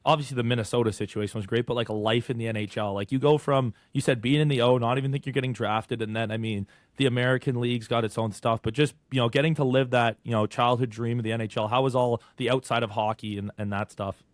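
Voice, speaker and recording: A man's voice: medium pitch, steady tone, fast talker, few pauses, no echo. A male podcast host asking long, rambling questions full of fillers in a casual interview.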